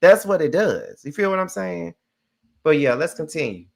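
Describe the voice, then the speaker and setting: A man's voice: fairly high pitch, animated, normal speed, vocal fry. A man hosting a commentary channel, reacting casually and speaking straight to his viewers.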